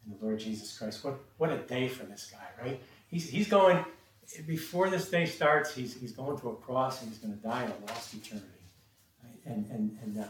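A man's voice: medium pitch, fairly quick. A man preaching a sermon, emphatic and repetitive, often restarting his sentences with fillers. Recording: roomy echo, distant mic, faint noise.

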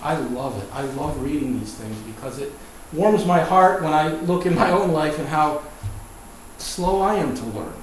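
A man's voice: a little high, lively intonation, moderate pace, recorded from a distance, a little hiss or hum. A man with a Virginia accent preaching a Bible lesson, emphatic and folksy, repeating his key points. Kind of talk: Bible teaching sermon. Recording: very echoey room.

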